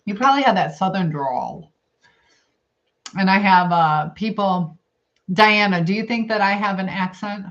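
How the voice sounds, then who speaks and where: A woman's voice: medium pitch, a little slow, long pauses. A middle-aged woman hosting a casual livestream, chatting with viewers and rambling as she eats and reads comments. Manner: chatty, rambling, thinks aloud while eating. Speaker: livestream host. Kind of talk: casual live chat reading comments. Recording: dull lo-fi stream audio.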